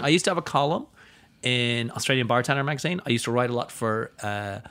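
A man talking as a guest in a casual podcast chat, an animated storyteller whose voice leaps up in pitch when he acts out other people. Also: fast talker. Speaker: guest, drinks educator and writer. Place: studio table with bottles and glasses.

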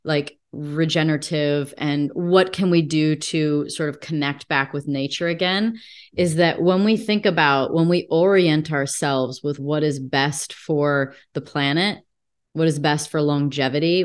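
Low-voiced woman host, musing aloud. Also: smooth. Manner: animated, musing, asks long questions. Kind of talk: casual conversation.

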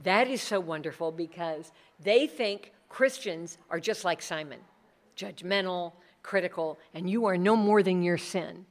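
A woman's voice: lowish voice, a little slow. Earnest woman giving a church talk. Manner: earnest, animated, acts out quoted people. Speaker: Bible study speaker. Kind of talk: talk with audience questions.

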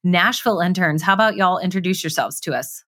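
A woman hosts a casual podcast interview with a slightly low voice. She sounds upbeat and likes to tease her guests. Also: a little fast, fairly bright tone. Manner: upbeat and teasing. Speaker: podcast host.

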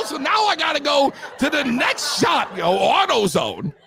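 A young man hosting a show, telling a profane comic rant and breaking into shouts. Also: very high-pitched, slow pace, gravelly, no room sound. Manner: profane, animated, swings to shouting. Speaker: host.

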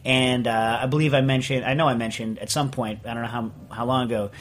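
A middle-aged man from Vermont hosting a casual podcast chat, rambling and ranting with animated energy. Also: mid-range voice, fast talker, a little hiss or hum. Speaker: podcast host.

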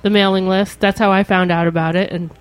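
A woman's voice: mid-range voice, flat delivery, fairly quick, clear, resonant tone, poor audio. A woman hosting a chatty podcast interview. She asks questions and tosses in playful quips, in an easy conversational way. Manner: playful, joking. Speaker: podcast host. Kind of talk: casual interview chat.

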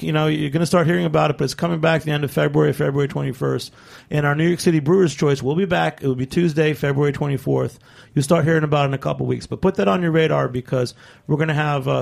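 A man's voice: a little high, creaky. A man hosting a casual radio talk show in a studio, upbeat and rambling as he wraps up. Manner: upbeat, rambling sign-offs with laughs.

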